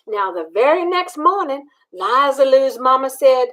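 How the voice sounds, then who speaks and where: An older woman reading a picture book aloud to children, animated and stopping to ask them questions. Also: high-pitched, measured pace, hardly any pauses. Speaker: storyteller.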